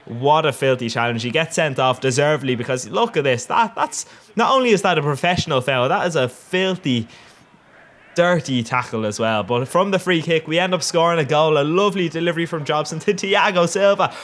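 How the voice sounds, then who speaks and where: A man's voice: fairly high pitch, fairly quick. A young man with an Irish accent giving casual, rambling and cheeky commentary over his football video game matches. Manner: rambling and cheeky, with bursts of excitement. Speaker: gaming commentator.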